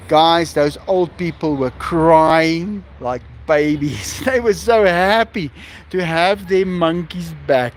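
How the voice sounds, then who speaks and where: A man's voice: a little high, takes it slowly. A man chatting casually on a live stream outdoors, talking to viewers and to his farm animals.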